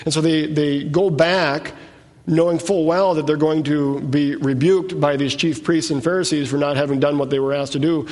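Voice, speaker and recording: A man's voice: on the high side, steady tone, normal speed, darkish tone. A man teaching a sermon, reading scripture aloud and explaining it in plain conversational asides. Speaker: preacher. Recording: echoey hall with long reverb.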